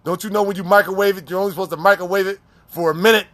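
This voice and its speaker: A man's voice: high voice, fairly even intonation, racing, fairly bright tone. A man voicing a male prison officer cracking jokes at an inmate. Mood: teasing. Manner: teasing.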